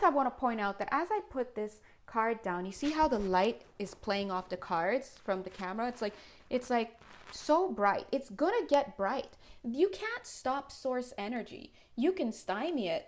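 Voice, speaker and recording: A woman doing a casual spiritual tarot reading to camera, chatty and rambling, laughing often and breaking off mid-thought. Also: a little high. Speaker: tarot reader.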